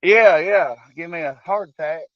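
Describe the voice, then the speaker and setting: A man's voice: on the high side, normal speed, no echo, dull audio. A man hosting a fishing vlog, chatting casually in a laid-back, joking drawl. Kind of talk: casual chat.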